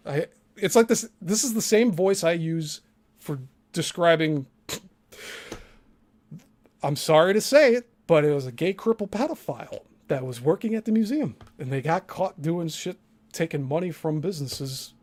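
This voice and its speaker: A man's voice: fairly high pitch, animated, normal speed, darkish tone. A man hosting a reaction commentary, talking in a sarcastic, blunt way and swearing freely. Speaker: host.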